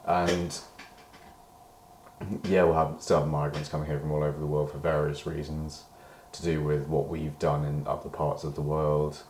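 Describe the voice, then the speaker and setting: A man's voice: a bass voice, flat delivery, moderate pace, darkish tone, echoey room, slight background noise. A British man in a rambling personal diary monologue, meandering and hedging, swearing when he gets worked up. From Britain. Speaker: diary vlogger.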